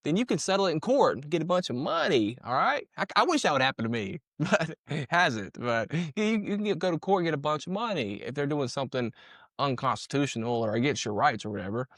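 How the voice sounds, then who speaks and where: A man's voice: fairly high pitch, big pitch swings, a little fast, a bit bright, dry recording, clean studio sound. A man giving casual, slangy commentary on a video, repeating himself and punching in sound-effect words. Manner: slangy, conversational. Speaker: commentator breaking down police footage.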